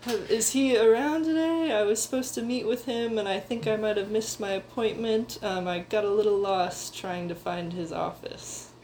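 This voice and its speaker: A woman's voice: medium pitch, fairly even intonation, moderate pace, hardly any pauses, a little mellow, slight background noise, natural voice, low-quality recording. Over-polite young mercenary faking refinement, plain everyday voice, as a woman plays him. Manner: lighter, more refined, overly polite. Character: young male mercenary posing as a polite student.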